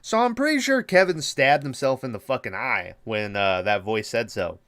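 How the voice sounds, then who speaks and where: A man's voice: mid-range voice, lively intonation, normal speed, a bit bright. Man, podcast host, casual movie recap, rambling, swears a lot, lots of ums and likes. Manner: rambling, profane, many fillers.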